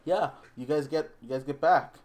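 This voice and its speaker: A man's voice: on the high side, moderate pace, a little mellow. A man narrating as game master in a casual tabletop session, talking loosely with filler words.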